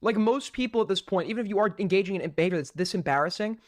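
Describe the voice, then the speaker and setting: Profane streamer ranting into a dry mic. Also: male voice, high-pitched, lively intonation, racing, dry recording. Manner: profane, mocking, rants. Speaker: streamer host. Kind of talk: casual live-stream commentary.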